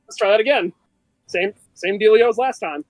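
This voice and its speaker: A man's voice: high-pitched, moderate pace, dry recording, soft background music. A man playing a tabletop game, joking and playful as he talks. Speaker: player. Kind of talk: casual tabletop game chat.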